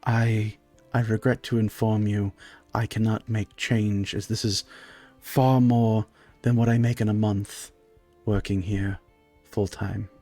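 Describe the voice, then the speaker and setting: A man's voice: fairly low pitch, flat delivery, slow pace, warm tone, no room sound, faint music behind, pitched below the performer's own voice. A man voicing a timid male ice cream shop waiter who stammers and sniffles through his apologies. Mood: mournful.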